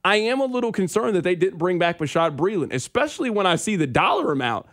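A man's voice: high-pitched, big pitch swings, fast, a bit bright. A man hosting a sports talk radio show, giving emphatic opinions.

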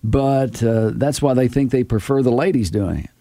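A man's voice: mid-range voice, normal speed, dark tone, dry recording. A man co-hosting a radio talk show, reading out news items and teasing his co-hosts in casual chat.

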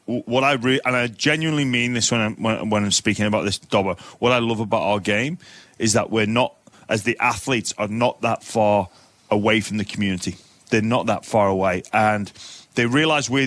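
A man's voice: fairly low pitch, fairly bright tone, no echo. Male sports radio co-host, impassioned debater, dry close mic. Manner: passionate, halting restarts.

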